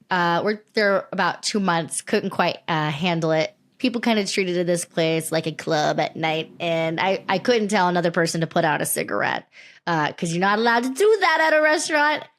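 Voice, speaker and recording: A woman's voice: on the low side, normal speed. A young adult woman co-hosting a podcast, chatting casually and telling stories with lots of laughter. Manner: chatty, animated storytelling with frequent laughs. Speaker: podcast co-host. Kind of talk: casual chat.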